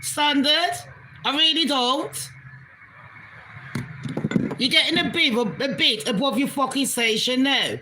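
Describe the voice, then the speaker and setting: A woman's voice: sits high, slow, long pauses, background noise. A British Jamaican woman vlogging an angry political rant, heated and profane, swearing constantly.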